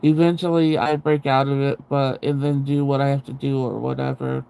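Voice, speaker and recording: A man's voice: medium pitch, flat delivery, moderate pace, creaky, warm tone, smooth. A man hosting a livestream, chatting casually with his viewers in a rambling way, restarting sentences and laughing at himself, into a sensitive close microphone. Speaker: livestream host.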